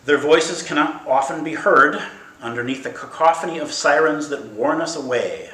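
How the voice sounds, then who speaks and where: A man giving a playful, emphatic dharma talk as a Zen teacher, swinging between loud bursts and soft, slow passages. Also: medium pitch, a little hiss or hum. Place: meditation hall at a Zen center. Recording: roomy hall with faint ambience.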